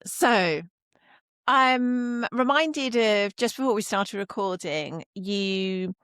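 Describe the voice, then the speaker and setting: A woman hosting a podcast interview, asking questions in a reflective, gentle way. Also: mid-range voice, slow, smooth, no room sound, clean studio sound. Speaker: podcast host. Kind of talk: conversational interview.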